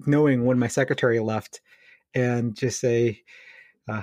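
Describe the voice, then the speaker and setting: A man co-hosting a physiotherapy podcast, telling a funny story in an animated way, laughing often and using lots of fillers. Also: medium pitch, measured pace, long pauses, no echo. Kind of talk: casual storytelling chat.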